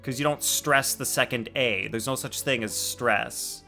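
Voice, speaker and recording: A man's voice: medium pitch, a little slow, gravelly, bright, forceful tone, faint music behind. A man live-streaming a video game, chatting casually and animatedly with his chat and laughing often.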